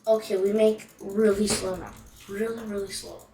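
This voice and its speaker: A woman's voice: medium pitch, little pitch movement, moderate pace. A woman giving casual gameplay commentary as a channel host, thinking aloud in a hesitant, rambling way. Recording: echoey room, distant mic, faint noise.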